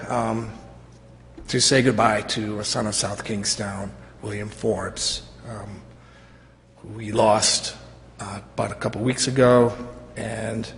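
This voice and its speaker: A middle-aged man, a veterans' post commander, giving an emotional, halting tribute at public comment in a council chamber. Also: fairly low pitch, vocal fry, slight background noise. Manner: halting and emotional, with many fillers. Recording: reverberant council chamber with faint ambience.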